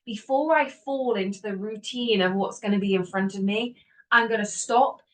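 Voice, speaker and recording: A woman hosting a self-help podcast, talking in an animated way, laughing often and acting out her inner voices. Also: medium pitch, normal speed. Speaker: podcast host. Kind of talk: motivational self-help talk. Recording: voice a bit distant from the mic.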